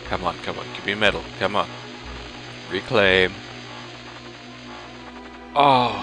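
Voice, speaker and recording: Low-voiced man swearing through gameplay. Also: measured pace, long pauses, bright, forceful tone. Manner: exasperated, swearing outbursts. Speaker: let's play commentator. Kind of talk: gameplay commentary. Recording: game music behind voice.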